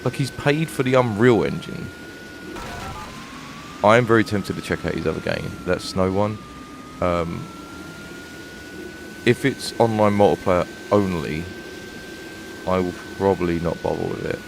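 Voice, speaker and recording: A man's voice: deep voice, creaky. A man with a London accent streaming a game and ranting in frustration, swearing often. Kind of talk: live gameplay commentary. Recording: noisy home stream recording.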